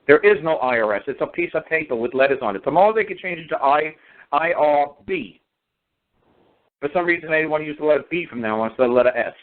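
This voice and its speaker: Fast, expressive, and slightly high-pitched, a man holds forth as a guest on a phone-in talk show, ranting emphatically and repeating himself. The talk is casual, and the phone line sounds tinny.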